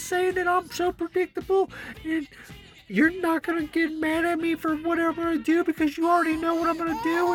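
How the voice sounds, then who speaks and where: A woman playing a vain, self-absorbed chatty woman, dramatically whining through a one-sided comedy phone call. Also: extremely high pitch.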